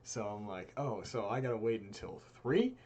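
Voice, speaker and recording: Young guy on a stream telling a story, lowish voice, does all the voices, bit of noise behind. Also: moderate pace. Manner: animated, voices quoted friends with big jumps in pitch. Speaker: live stream co-host. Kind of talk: casual storytelling.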